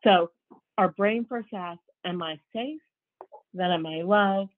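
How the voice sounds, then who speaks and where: A woman's voice: medium pitch, slow, dry recording. A middle-aged woman giving a conversational workshop talk, telling stories and acting out quoted dialogue. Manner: warm storytelling, acts out quoted dialogue. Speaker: workshop speaker. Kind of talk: conversational presentation. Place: home office. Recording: dry, tinny phone-like audio.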